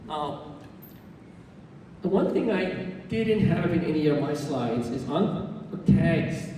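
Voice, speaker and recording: Man, club lecture, deliberate explaining, dark mellow tone, distant roomy hall with faint rumble. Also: expressive. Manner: unhurried, explanatory, with fillers and self-corrections. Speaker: orchid society speaker. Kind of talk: club presentation.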